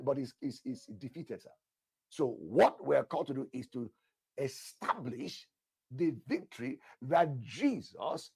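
A man's voice: medium pitch, very animated, a little slow, vocal fry, mellow, breathy edge, no echo. A man preaching a fervent sermon, repeating himself and addressing listeners directly as sir. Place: church altar session.

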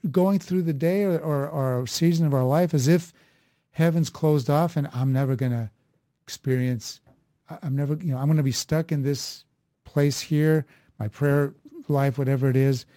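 A man's voice: fairly high pitch, normal speed, dark tone, dry recording, studio quality. A man who is a priest, talking about faith in a rambling, thinking-aloud way with many restarts. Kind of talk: conversational faith talk.

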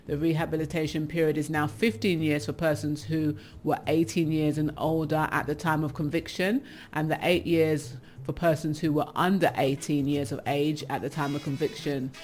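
A woman with an English accent hosts a casual radio show, reading out news items and chatting about them, laughing often and commenting on what she reads. Her voice sits low with a flat, darkish delivery at a moderate pace and few pauses, with faint music behind.

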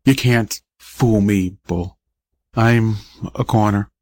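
Little dying boy, read by a man, faint whisper, slow, dry close sound. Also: mid-range voice, a little mellow, no echo. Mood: weak.

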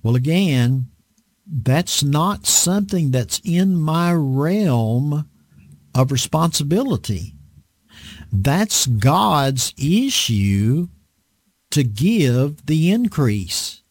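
An earnest male preacher speaks in a slightly raised voice that rises and falls with lively swings. He takes his time and often halts on fillers and restarts. The sound is dry and close. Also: a little high, very slow, no room sound. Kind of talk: unhurried sermon-style talk on a program.

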